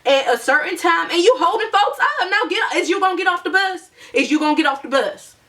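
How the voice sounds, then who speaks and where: A rude, impatient bus conductor barks at a passenger in a high, brash, drawling voice, as a woman puts him on. He is loud and scolding, and his voice comes from a bit off the mic. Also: expressive, a little fast, recorded from a distance.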